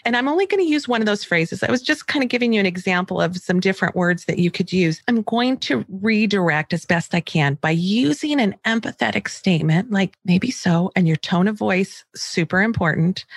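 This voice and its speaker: A middle-aged woman teaching parents in a calm, gentle way and acting out example dialogue. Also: medium pitch, fairly quick, few pauses, no room sound, studio quality. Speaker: parenting coach.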